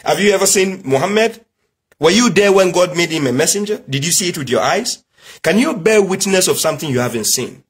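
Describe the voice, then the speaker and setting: A middle-aged Nigerian religious commentator gives a preachy monologue, lecturing emphatically with rhetorical questions and family stories. His voice is high, husky, animated, and brisk.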